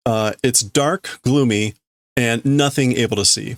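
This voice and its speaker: Reading a comic on stream, a Japanese-learning man talks through his translation casually, hesitating often and leaning on fillers. His voice sits in the mid range and he takes his time. The sound is clean studio quality with no echo.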